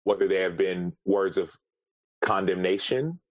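A man, a guest author, sharing a personal story in an earnest, halting way, often repeating words as he searches for them. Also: deep voice, dry recording, poor audio.

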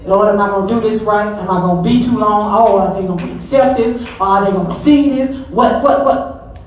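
Speaking fast in a slightly mellow, medium-pitched voice, a middle-aged pastor's wife preaches a Mother's Day sermon full of repetition, keeping it conversational and emphatic. She's in a large, echoey church sanctuary, picked up by a distant mic with a little hiss or hum.

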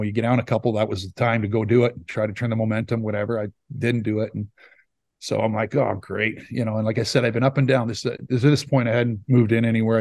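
In his fifties and from Saskatchewan, Canada, the ex-hockey player guesting on a podcast has a fairly low pitch and a darkish tone, with no echo. His casual storytelling rambles, and he voices the quotes himself.

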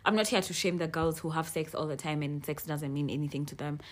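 A young woman, hosting a podcast in frank, animated casual chat and swearing freely. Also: sits low, quick pace. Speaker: podcast host.

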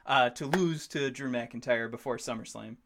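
A man in his thirties co-hosting a podcast in casual chat, excitable and rambling, swearing freely as he talks. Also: medium pitch, moderate pace, slight background noise. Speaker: podcast co-host.

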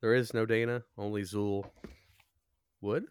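A man's voice: on the low side, steady tone, unhurried, clean tone, dry recording. A man hosting a podcast, swearing constantly and laughing often, with a sore throat. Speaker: podcast host. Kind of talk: crude casual chat.

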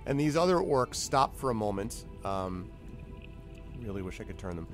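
A man's voice: on the low side, very animated, moderate pace. Guy running a tabletop game, chatty and loose, lots of ums and little sound effects, faint music behind. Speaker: game master.

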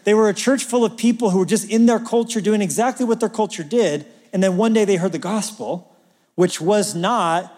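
High-voiced male pastor preaching in a hall. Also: normal speed. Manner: conversational preaching that swings from loud emphasis to near-whispers. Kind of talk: sermon.

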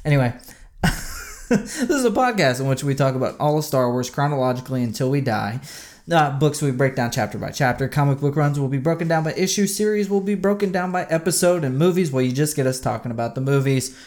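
A man's voice: mid-range voice, lively intonation, a little fast, darkish tone. A man co-hosting a casual podcast, joking and laughing as he talks. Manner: jokey, laughing, trails into silly voices. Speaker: podcast co-host.

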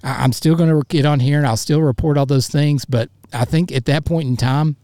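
A man's voice: fairly high pitch, fairly even intonation, a little fast, dark tone, no echo. A man hosting a solo sports podcast, talking in a frustrated, fired-up way with stammering restarts.

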